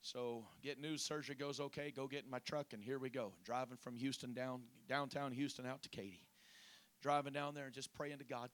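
A pastor preaching a testimony, moving from chatty storytelling to loud, fervent prayer. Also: male voice, medium pitch, steady tone, fairly quick. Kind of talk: sermon testimony.

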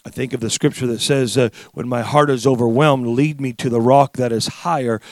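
A middle-aged man preaching a sermon, full of "uh" fillers, rising to shouted passages. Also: mid-range voice, steady tone, fairly quick, dry recording. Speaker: pastor.

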